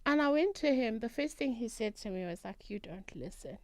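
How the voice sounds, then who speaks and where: A South African woman, a guest and traditional healer, telling her story in an animated, emphatic way in a studio interview. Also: fairly high pitch, a little fast, no room sound. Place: radio studio.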